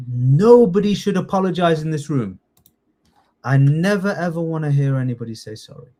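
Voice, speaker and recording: A man's voice: fairly high pitch, expressive, moderate pace, warm tone. A man teaching a live online citizenship test class, quizzing students and checking in often with "yeah?". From United Kingdom. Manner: encouraging, chatty, frequent "yeah?" check-ins.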